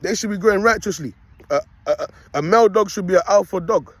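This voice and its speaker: Speaking fast in a high voice with no echo, a young man records himself on his phone outdoors while his dog is walked alongside him. He casts himself as a prophet vlogger, and his monologue wanders and preaches, punctuated again and again by "you get me" and "people."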